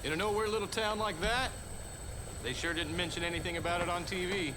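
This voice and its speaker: An actor playing a chatty, folksy helicopter pilot in a video game cutscene. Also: male voice, high-pitched, a little fast, natural voice. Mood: curious. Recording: game audio over helicopter noise.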